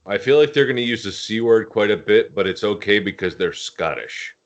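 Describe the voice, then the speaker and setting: Low-voiced teasing male co-host. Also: brisk. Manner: teasing, lively banter. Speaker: podcast co-host. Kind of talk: casual chat. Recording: muffled lo-fi podcast audio.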